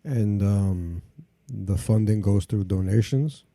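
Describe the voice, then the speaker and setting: A man's voice: lowish voice, slow pace, warm tone, dry recording. A man hosting a podcast, asking questions and giving short, encouraging replies. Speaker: podcast host. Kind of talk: casual interview chat.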